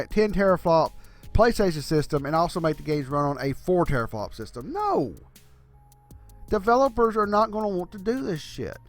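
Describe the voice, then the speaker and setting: An older man hosting his own gaming channel, ranting bluntly and profanely about consoles, tired and yawning late at night. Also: fairly high pitch. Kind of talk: casual opinion rant.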